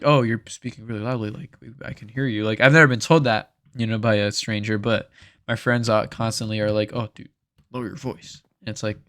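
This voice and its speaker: A young man chatting casually over gameplay, speaking softly, rambling candidly and laughing often into a desk mic. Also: medium pitch, smooth, no room sound. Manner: speaks softly while recording. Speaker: gaming video creator. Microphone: desk microphone.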